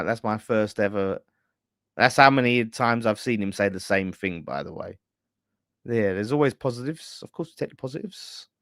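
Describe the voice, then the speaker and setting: A man's voice: fairly low pitch, fairly bright tone, dry recording, studio quality. A man hosting a casual fan live stream, ranting bluntly with swearing and laughter. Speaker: fan channel host.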